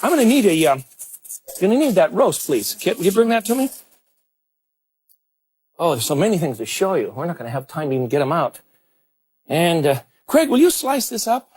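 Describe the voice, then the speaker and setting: A man's voice: high-pitched, sing-song, moderate pace, long pauses, darkish tone, slightly rough. A middle-aged man hosting a cooking show in a studio kitchen, chatting enthusiastically as he demonstrates dishes to the camera. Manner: chatty and enthusiastic, exclaiming over the food. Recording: 1980s television broadcast.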